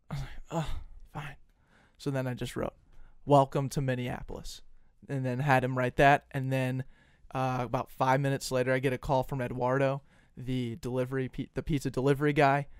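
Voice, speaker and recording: Young man telling a story, animated. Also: medium pitch, clean tone, dry recording, studio quality. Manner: animated storyteller, acts out phone calls. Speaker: podcast co-host. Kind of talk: casual storytelling chat.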